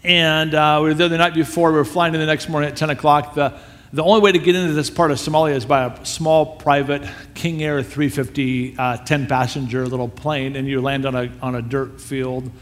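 A man telling a story with animation, quickly acting out the back-and-forth dialogue. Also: on the high side, fairly even intonation, a bit bright. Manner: acts out dialogue in quick quoted exchanges. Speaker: storyteller speaking to an audience. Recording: long reverb of a large hall.

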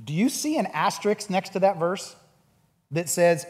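A man preaching a sermon and leading a group discussion, acting out quoted voices in an animated way. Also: high voice, normal speed, in a large hall. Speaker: pastor.

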